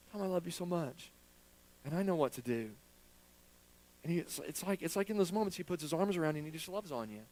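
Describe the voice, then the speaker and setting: A man's voice: high-pitched, low-quality recording. Candid, joking male pastor preaching. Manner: candid, joking and self-deprecating, talking to a congregation. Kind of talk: sermon. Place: church.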